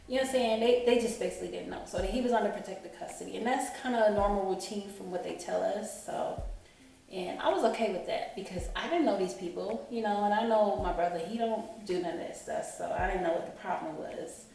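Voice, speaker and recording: A woman's voice: medium pitch, creaky, warm tone. A woman telling an emotional personal story in a rambling storytime vlog, often saying "you know what I'm saying". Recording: echoey room, distant mic, faint music.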